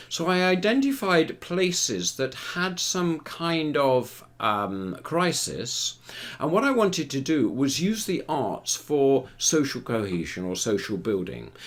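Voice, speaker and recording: An older man spins an anecdote for a documentary camera, his pitch rising and falling freely as he talks. He slips into the voices of the people in his story, always the animated raconteur. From Britain. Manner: lively anecdotal storyteller who acts out dialogue. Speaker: retired theatre performer interviewee.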